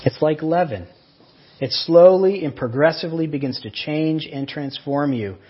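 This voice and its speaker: A man's voice: on the high side, moderate pace, breathy edge, highs cut off. A man preaching a sermon, earnestly explaining and retelling a story. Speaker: pastor.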